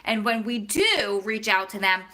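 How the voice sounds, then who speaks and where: A woman's voice: mid-range voice, lively intonation, unhurried, bright, forceful tone. A woman vlogger in casual chat, answering viewer questions and talking straight to her audience. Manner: chatty, talks straight to viewers.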